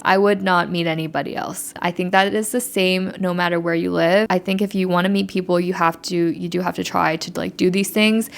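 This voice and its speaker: Chatty Canadian woman, gravelly but smooth. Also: lowish voice. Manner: chatty, candid, fillers like "like". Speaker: YouTuber. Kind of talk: chatty Q&A vlog.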